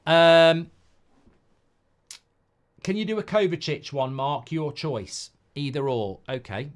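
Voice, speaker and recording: With a sing-song, mid-range voice, a middle-aged host runs a live football watchalong. He chats casually, rants with heavy swearing, and is quick to get angry at players.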